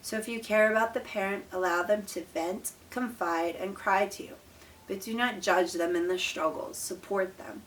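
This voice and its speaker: Earnest mother giving calm tips, distant mic. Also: medium pitch, moderate pace, a little hiss or hum. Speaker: parent of an autistic child, author. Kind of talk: advice talk to camera.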